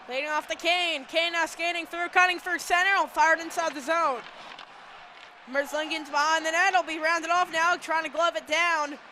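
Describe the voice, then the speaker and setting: Young male hockey play-by-play caller, very bright tone, light noise behind. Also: very high voice. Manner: rapid running call, rising to excited shouts on big saves. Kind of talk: live play-by-play commentary.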